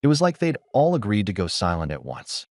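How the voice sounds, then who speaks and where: A man narrating a first-person story in a measured, dramatic storytelling manner. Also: on the low side, huge pitch swings, a little mellow, no echo, clean studio sound.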